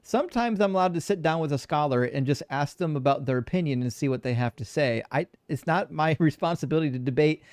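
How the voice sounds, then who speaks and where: A man's voice: on the high side, expressive, fast, few pauses, darkish tone, no room sound. A man hosting a live debate stream, chatting casually and reading viewer messages aloud while calling the audience friends.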